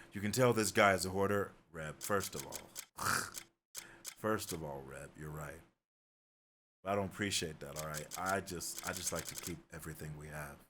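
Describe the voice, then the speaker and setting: Man doing a deep mock-serious voice, drawling, gamer banter. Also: fairly bright tone, a little hiss or hum.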